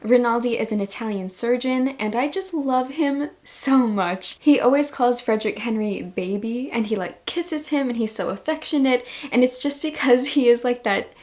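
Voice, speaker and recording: A young woman talks straight to her viewers in a relaxed book review vlog. Her voice sits a little high, and she gushes about every story she loved. The tone stays friendly and chatty throughout. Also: normal speed, hardly any pauses. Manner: gushing, enthusiastic. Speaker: book vlogger.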